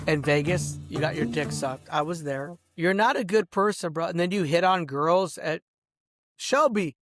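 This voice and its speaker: A man's voice: on the high side, moderate pace, a bit bright, soft background music. A man delivering an angry, profane rant outdoors, addressing people directly and peppering his speech with "bro" and "dog". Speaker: host. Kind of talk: angry ranting monologue.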